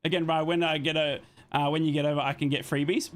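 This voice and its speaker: A man hosting a live football watchalong, giving casual play-by-play and chatting with viewers' comments, often apologizing as he goes. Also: fairly high pitch. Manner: chatty, reads and answers viewer comments between plays; apologetic, quick to say sorry.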